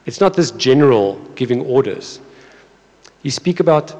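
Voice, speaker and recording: A man's voice: on the high side, lively intonation, moderate pace, a little mellow. Casual male pastor in a reverberant church. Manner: casual, repeats words, asks the congregation questions. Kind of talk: conversational sermon. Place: church auditorium. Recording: long hall reverb in a church.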